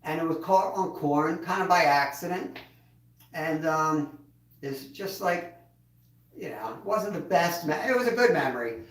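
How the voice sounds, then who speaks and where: A relaxed man with a twang chats casually on his livestream, his fairly high voice sitting back from the mic. The sound bounces around an echoey room, and he chuckles as he answers his viewers. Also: unhurried, recorded from a distance. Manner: laid-back, chuckles, reads chat aloud. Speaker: livestream host.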